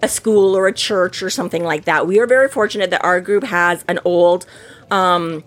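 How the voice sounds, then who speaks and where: A woman's voice: on the low side, normal speed. A woman co-hosting a podcast, chatting casually in a rambling, giggly way. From Canada. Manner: rambling, giggly, retells scenes with quoted asides. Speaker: podcast co-host. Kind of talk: casual chat.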